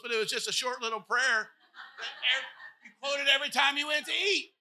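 A man's voice: very high-pitched, steady tone, moderate pace, pauses often, pushed and bright. A man in his forties preaching a sermon as pastor, with an impassioned, repetitive cadence. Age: 40s.

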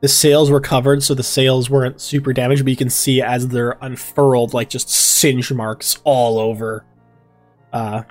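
A man narrating a tabletop game as game master in a relaxed way with many fillers. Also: mid-range voice, normal speed, faint music behind.

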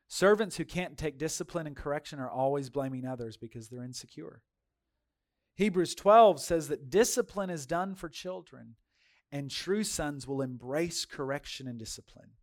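A male pastor preaching a sermon in a folksy, animated storytelling style, speaking straight to his congregation and swinging from loud to hushed. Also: on the high side. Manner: folksy, addresses congregation directly.

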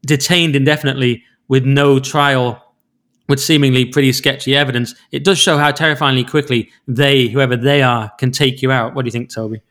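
A man's voice: mid-range voice, steady tone, brisk, fairly bright tone. Wry man bantering. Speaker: podcast co-host. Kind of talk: casual chat.

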